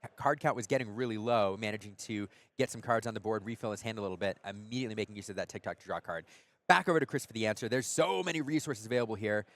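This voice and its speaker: A man with a fairly low voice calls a card game match play by play. He is energetic and excitable, and his pitch climbs high when the action heats up. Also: very fast. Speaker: play-by-play caster. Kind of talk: card game tournament commentary.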